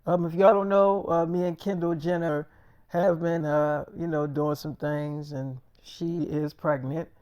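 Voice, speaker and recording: A man's voice: a little high, little pitch movement, a little slow, a little mellow, clear, resonant tone, no echo, highs cut off. A man telling an improvised story in a casual, slangy, rambling way, often stumbling and restarting his words.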